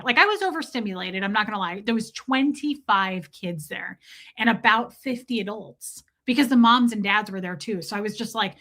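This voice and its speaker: A woman's voice: on the high side, expressive, normal speed, sharp tone. A woman in her thirties hosting a live stream, chatting casually, telling a story with exaggerated quoted voices and reading out viewer comments. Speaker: livestream host.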